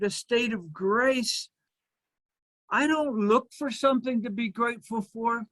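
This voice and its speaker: A man delivering a sermon as minister, in a slow, measured preaching manner with pauses. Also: very high-pitched, fairly bright tone, dry recording.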